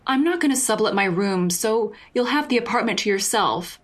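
A woman voicing a blunt young woman who speaks in calm, measured therapy-speak to her roommate. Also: mid-range voice, voice pushed up, lightly acted.

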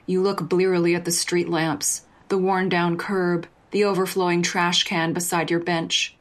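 A woman narrating a second-person story in a steady, even delivery. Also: lowish voice, measured pace, few pauses.

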